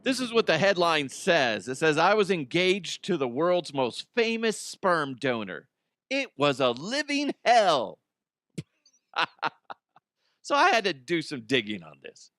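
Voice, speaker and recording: A man's voice: on the high side, big pitch swings, unhurried, fairly bright tone, no echo. A man hosting a comedic podcast, telling stories in a loose monologue, swearing often and laughing at his own jokes. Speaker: podcast host.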